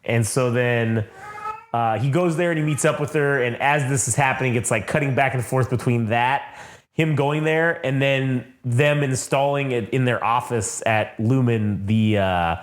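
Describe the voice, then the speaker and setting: A man co-hosting a casual show review, recapping the plot in a loose, profane way and acting out quick quotes. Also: medium pitch. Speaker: podcast co-host.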